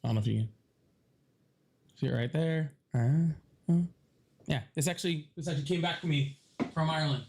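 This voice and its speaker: Guy streaming live, kinda high voice, rambly and jokey, laughs a lot, bit stuffed up. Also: normal speed, gravelly, long pauses, darkish tone, a little hiss or hum. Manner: rambling, joking, laughs often. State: stuffy from allergies. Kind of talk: casual chat to a live audience.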